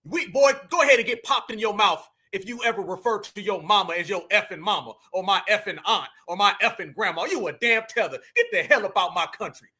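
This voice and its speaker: A man's voice: sits high, expressive, a little fast, hardly any pauses, pushed and bright, breathy edge. A man giving heated, mocking reaction commentary on a live stream, confrontational and full of slang.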